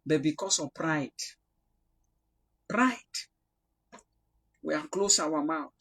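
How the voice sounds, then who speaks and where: A young Cameroonian man from the Northwest preaching a prophetic sermon, swinging from loud rebuke to quiet prayer. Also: a little high, expressive, takes it slowly, breathy edge. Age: young adult.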